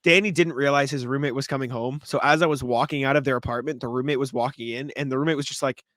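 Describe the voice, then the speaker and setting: A man's voice: medium pitch, fairly even intonation, fast talker, fairly bright tone, no room sound. A young man co-hosting a podcast, telling a drunken night-out story with laughs and plenty of swearing. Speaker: podcast co-host. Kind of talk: casual chat.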